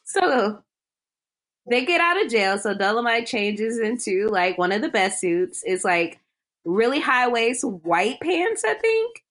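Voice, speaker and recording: Young woman giggling through a movie recap, kinda high voice, lots of "like". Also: expressive, takes it slowly, a bit bright. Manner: giggly, filler-heavy recap. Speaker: podcast co-host. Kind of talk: casual chat.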